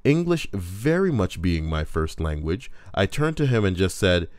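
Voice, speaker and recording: Over faint background music, this male YouTuber works through Reddit stories, tossing in crude, joking commentary. He has a deep, resonant, darkish voice with a sing-song quality, speaks at a normal speed, and sounds clear on a dry recording.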